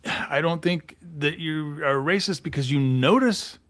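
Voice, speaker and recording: A man's voice: on the high side, a little slow, a bit bright. A man co-hosting a casual podcast, rambling and hesitant with many restarts. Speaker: podcast co-host. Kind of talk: casual political podcast chat.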